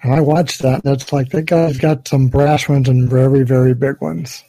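A man's voice: mid-range voice, level tone, moderate pace, dark tone, no echo. A man co-hosting a casual podcast, telling easygoing stories with lots of "you know". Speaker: podcast co-host.

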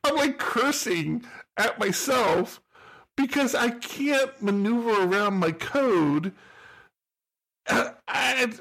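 A man's voice: high voice, vocal fry, fairly bright tone, poor audio. A man co-hosting a podcast, telling a story in casual chat, acting out his own reactions and laughing at himself. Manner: laughs often, self-mocking. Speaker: podcast co-host.

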